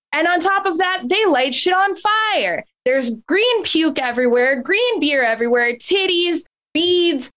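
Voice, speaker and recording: A woman's voice: high voice, a bit bright. A woman on a comedy panel riffing in a brash, profane comic rant.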